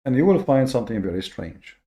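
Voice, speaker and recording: A man hosting a lecture-style monologue, speaking with slow, deliberate emphasis, often repeating words and adding fillers. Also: medium pitch, big pitch swings, dark tone. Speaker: host.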